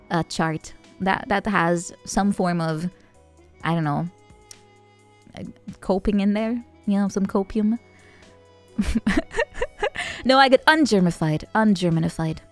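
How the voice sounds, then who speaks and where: Rambling young woman streamer, halting chat. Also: mid-range voice. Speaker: VTuber streamer. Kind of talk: casual chat answering viewer messages.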